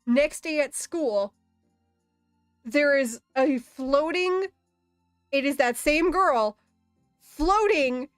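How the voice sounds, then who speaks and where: A woman's voice: high-pitched, no echo, studio quality. A young woman chatting casually while drawing, telling a story with lots of swearing and frequent laughter. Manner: profane, laughing often, storytelling. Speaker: artist streamer.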